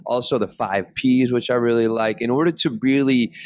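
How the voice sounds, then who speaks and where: A man's voice: mid-range voice, fairly even intonation, normal speed, slight background noise. A man co-hosting a podcast interview, speaking in a casual, enthusiastic and rambling way. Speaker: podcast co-host.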